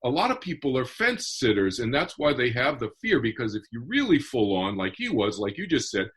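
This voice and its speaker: A man's voice: medium pitch, sing-song, brisk, fairly bright tone, husky. A man who is a guest author on a podcast, explaining his ideas earnestly and step by step. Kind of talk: podcast interview.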